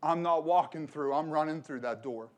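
A pastor preaches to his congregation, mixing scripture with a personal story. His voice sits a little higher than most men's, and he leans on repetition to push each point home. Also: normal speed. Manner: repeats phrases for emphasis. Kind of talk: sermon.

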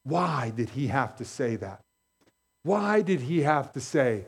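A male pastor preaching a sermon, animated and emphatic, repeating key phrases for effect. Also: medium pitch, takes it slowly, creaky, husky.

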